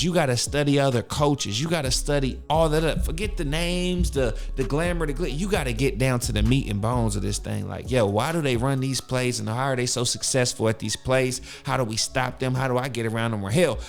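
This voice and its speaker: A man hosting a podcast, giving a hyped-up, preachy motivational talk full of cussing. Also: on the high side. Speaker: podcast host.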